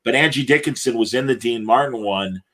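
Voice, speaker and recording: A man co-hosting a laid-back podcast, speaking at a middle pitch. He wanders through old film and TV trivia, restarting and correcting himself as he goes. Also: fairly quick, a bit bright. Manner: rambling, self-correcting, trivia-heavy. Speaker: podcast co-host. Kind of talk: casual podcast chat.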